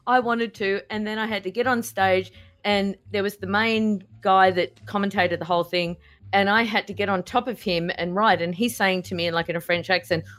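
A woman with an Australian accent telling a lively story in casual podcast chat. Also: mid-range voice, moderate pace. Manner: lively storyteller, acts out quotes.

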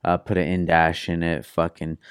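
Deep, smooth-voiced man telling stories. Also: monotone, moderate pace, dry recording, studio quality. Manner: laid-back storyteller, heavy slang and swearing, laughs often. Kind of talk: casual chat.

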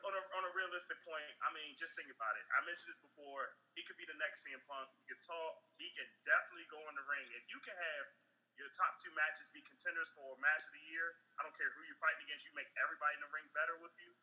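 An excitable man with a slightly high, very bright voice gives his take on a casual wrestling podcast. He rushes through his points with enthusiasm. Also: poor audio. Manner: excited, giggly, fast talk. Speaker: podcast panelist.

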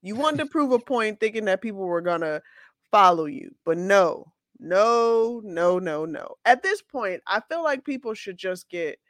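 A woman's voice: medium pitch, animated, measured pace, no echo, studio quality. A woman co-hosting a casual podcast, giving blunt, emphatic opinions. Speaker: podcast co-host.

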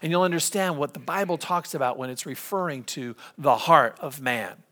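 A middle-aged man preaching a sermon as pastor, conversational and storytelling, slipping into lively impressions. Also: on the high side, moderate pace.

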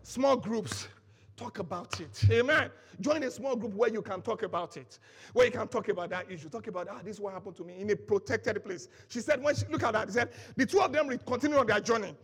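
A man preaching a sermon as pastor, swinging between shouted bursts and soft asides, leading the congregation in call-and-response. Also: high voice, fairly quick, husky.

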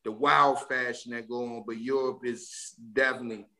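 D.C.-male rapper guest, bright and forceful, animated storyteller. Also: mid-range voice, normal speed. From Washington, D.C. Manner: animated, streetwise storytelling with slang. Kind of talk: casual podcast interview.

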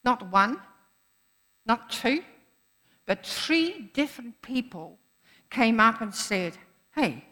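A woman's voice: a little high, expressive, takes it slowly, long pauses, pushed and bright. A woman preacher giving a sermon in an earnest manner, repeating phrases for emphasis. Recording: echoey hall.

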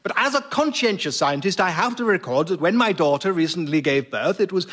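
An actor playing an earnest, self-assured elderly professor interviewed in a radio comedy sketch. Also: male voice, high voice, animated, brisk, a bit bright. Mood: matter-of-fact. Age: older. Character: elderly male atheist professor, smug.

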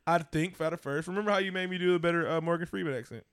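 A man co-hosting a podcast, teasing and cursing loudly with lots of laughter. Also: a little high, rapid-fire, clear, resonant tone, dry recording. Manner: loud, teasing, laughing, profane. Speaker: podcast co-host. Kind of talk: casual banter.

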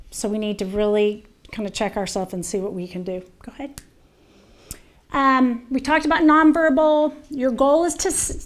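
A woman with a Southern US accent presenting on dementia care to an audience, earnest and conversational with frequent restarts. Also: a little high.

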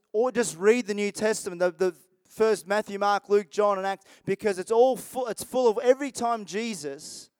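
A man's voice: high-pitched, clear, resonant tone, no echo. A man preaching a sermon as pastor, talking in a conversational, rambling way with restarts and asides.

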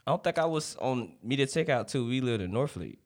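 A young adult man co-hosting a podcast, arguing back and forth in animated banter. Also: mid-range voice, fairly quick. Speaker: podcast co-host. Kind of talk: casual chat.

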